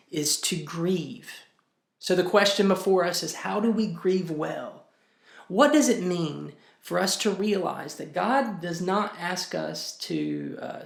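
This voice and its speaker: A male pastor delivers a sermon in a slow, deliberate, earnest cadence. His voice is gravelly with a touch of fry and sits a little high for a man. The sound is roomy and echoey. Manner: slow, measured and earnest, with gentle pauses. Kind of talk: short sermon message.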